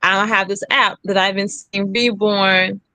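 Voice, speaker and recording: A woman's voice: medium pitch, steady tone, measured pace, bright, forceful tone, clear, resonant tone, no room sound. A young woman candidly telling her own story, re-enacting the lines of others with emphasis. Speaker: guest sharing her story.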